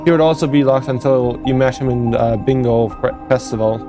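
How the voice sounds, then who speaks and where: A man's voice: medium pitch, fairly quick. Rambling young man over faint music. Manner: rambling, self-correcting, laughs at own jokes. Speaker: fan game developer. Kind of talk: casual commentary over gameplay footage.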